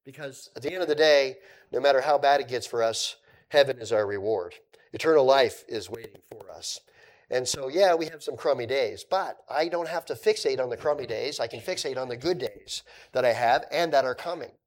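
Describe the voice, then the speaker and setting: A male pastor preaching a sermon in a conversational way, moving between emphatic points and quiet asides. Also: medium pitch, fairly quick.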